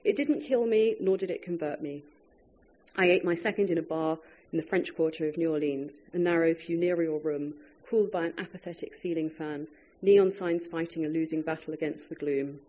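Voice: medium pitch, steady tone, moderate pace, dark tone. An author reading their own food writing aloud to a live audience, wry and breaking off now and then for chatty asides.

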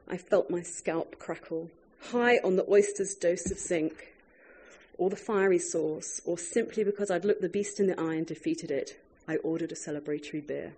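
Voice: mid-range voice, darkish tone, husky. An author reading their own food writing aloud to a live audience, wry and breaking off now and then for chatty asides.

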